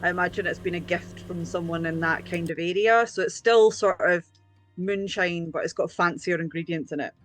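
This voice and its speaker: A woman's voice: fairly low pitch, moderate pace. Woman, tabletop player, chatty, rambling, faint music in background. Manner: rambling, chatty, laughs often. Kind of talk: casual chat at a tabletop game.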